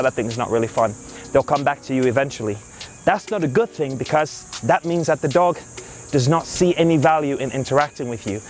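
A man who trains dogs, talking in a casual, upbeat way outdoors in a park. He explains his methods and turns often to praise and direct his dog. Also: on the high side. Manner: upbeat, talks to the dog in bursts between explanations. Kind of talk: casual instructional vlog.

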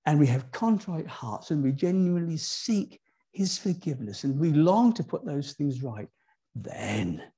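Expressive preacher with a mellow, husky voice. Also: male voice. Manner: expressive, rising high on emphasis, rhetorical questions to the congregation. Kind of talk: sermon. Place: church.

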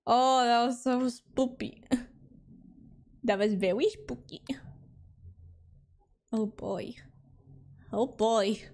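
Slow-talking woman reacting to a horror game. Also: on the high side, steady tone, darkish tone. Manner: jumpy, dramatic reactions with frequent laughs; talks to chat. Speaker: streamer. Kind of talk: live game commentary.

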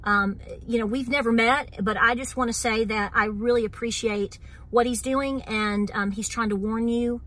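A middle-aged woman with an East Tennessee accent talks straight to her viewers on her homestead vlog. Her voice sits a little high and sounds bright and forceful. She is earnest and wound up, says y'all and keeps coming back to "here's the deal.". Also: fairly even intonation, moderate pace. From Southern Appalachia. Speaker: homestead channel host. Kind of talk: casual vlog talk to viewers.

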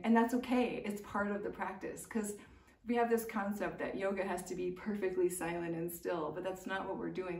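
A woman teaching a family yoga class, guiding the breathing and stretches in a calm, gentle voice. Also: medium pitch. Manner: calm, gentle, soothing guidance with light laughs. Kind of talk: guided yoga instruction. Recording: echoey room, mic at a distance.

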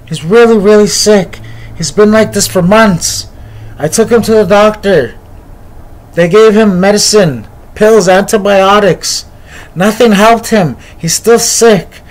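A man voicing a desperate mother who pleads for help with her sick son, raising his voice higher as he tells the story. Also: unhurried, low-quality recording. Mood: pleading.

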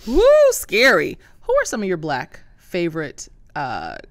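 A woman's voice: deep voice, wildly swooping pitch, normal speed, a little mellow, a little hiss or hum. A woman hosting a podcast, asking questions in a playful, teasing way. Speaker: podcast host. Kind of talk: casual interview questions.

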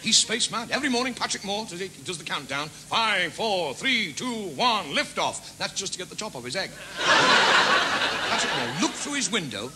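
A man with a Liverpool accent doing a stand-up comedy routine, rattling off gags and bursting into shouted character voices. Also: sits high, very animated. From England. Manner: quick gag delivery with sudden shouted character voices. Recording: noisy stage recording with laughter.

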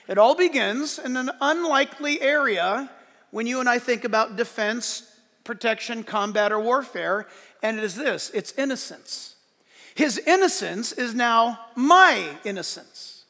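A pastor preaches with a high, bright, forceful voice, alternating emphatic shouts with soft asides. Long reverb from a big church sanctuary fills the sound.

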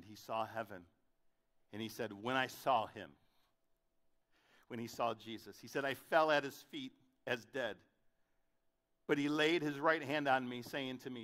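Male pastor, bright and forceful tone, dramatic sermon delivery, loud peaks and quiet stretches. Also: unhurried, pauses often. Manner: dramatic, swings from loud questions to soft low delivery.

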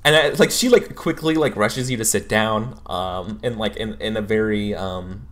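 A man narrating as game master in an improvised tabletop role-play, pausing often to search for words. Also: fairly low pitch, fairly bright tone. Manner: halting, searches for words with many fillers.

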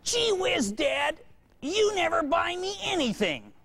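A man's voice: fairly quick, gravelly. A man voicing an eager, whining eight-year-old boy who pleads for souvenirs. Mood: loud complaint. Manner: pleading, wheedling, high and excited.

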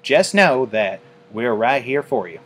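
A man's voice: medium pitch, big pitch swings, measured pace, fairly bright tone, breathy edge, exaggerated voice. A man reading a storybook aloud, voicing a folksy, kindly country mare pony who talks with homespun words. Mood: caring.

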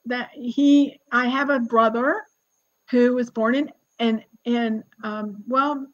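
A woman in her sixties, a genealogist guest, telling family stories in a lively, chatty way and laughing often. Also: fairly high pitch, slow, dull audio. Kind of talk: casual storytelling conversation.

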